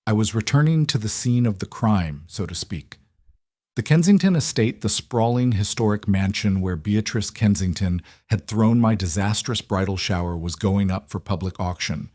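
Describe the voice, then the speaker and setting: Low-voiced male story narrator. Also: normal speed, a little mellow, no room sound, clean studio sound. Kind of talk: scripted first-person story narration.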